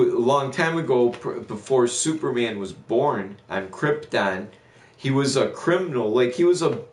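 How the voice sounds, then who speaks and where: A man talking casually on a game livestream, in a voice of ordinary middle pitch. He rambles through a profane rant, full of fillers and restarts. The room around him sounds roomy and echoey. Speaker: gaming livestreamer. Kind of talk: casual chat while streaming.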